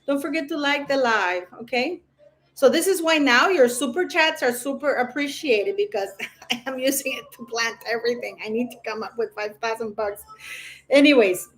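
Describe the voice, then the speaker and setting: A woman's voice: a little high, normal speed, fairly bright tone. A woman hosting a casual livestream, rambling and chatty with lots of fillers. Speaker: livestream host.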